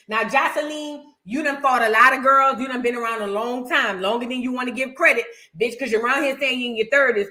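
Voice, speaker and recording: A woman hosting a reaction show, giving blunt, profane, animated commentary in a casual way. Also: high voice.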